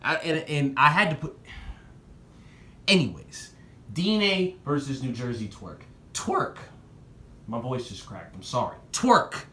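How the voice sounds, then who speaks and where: A young man in a casual vlog giving excited predictions and talking straight to the people he discusses. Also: normal speed, long pauses, echoey room. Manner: excitable, talks straight to the rappers, jumps in pitch. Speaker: battle rap commentator.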